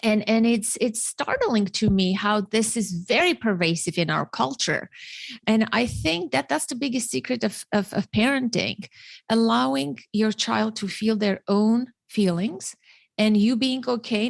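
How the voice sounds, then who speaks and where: Creaky-voiced woman host, earnest talk. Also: a little high, animated, normal speed, no room sound. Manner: earnest, many restarts and repeated words. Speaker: podcast host and parent educator. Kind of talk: conversational interview.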